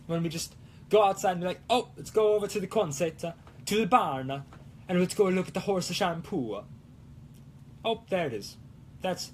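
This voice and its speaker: Man doing a hammy fake-Italian rancher, high and bouncy, theatrical. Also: a little hiss or hum. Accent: put-on Italian. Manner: theatrical, rambling, sing-song. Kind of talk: livestream chat in character.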